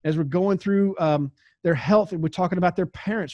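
A man's voice: high-pitched, a little fast, a little mellow, no room sound. A Southern man in his forties, an insurance sales trainer, teaching in a conversational way and acting out talks with clients. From American South. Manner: conversational, acts out client dialogues.

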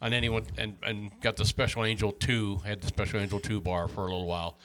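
A man's voice: on the low side, flat delivery, fast talker, a bit bright. A man with a plain Midwestern accent chats easily as the host of a casual interview, swapping stories with his guest. He keeps a loose, friendly flow, with plenty of ums and uhs. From Wisconsin. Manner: easygoing, chatty, with fillers.

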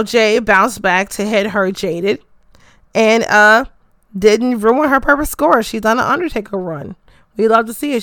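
A woman casually recapping a wrestling show from her bedroom, excitable, swearing freely and padding her talk with "uh". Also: medium pitch, clear, resonant tone, dry recording, clean studio sound. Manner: excitable, heavy swearing, filler "uh".

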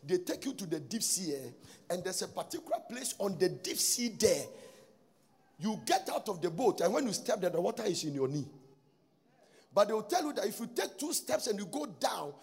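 A man preaching a sermon, breaking into sudden shouts and sing-song lines. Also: high voice, very animated, moderate pace, breathy edge.

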